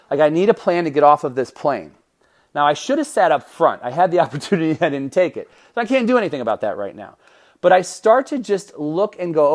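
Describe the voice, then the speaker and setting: Animated man telling a personal story. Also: fairly high pitch. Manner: animated, self-interrupting storytelling with restarts and laughs. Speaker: podcast host.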